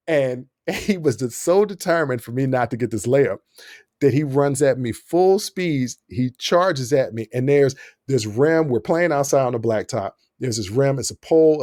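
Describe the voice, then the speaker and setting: A man hosting a podcast, telling a story in a lively, casual way and laughing often. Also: medium pitch, no room sound, studio quality. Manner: animated, laughs often while telling stories. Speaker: podcast host.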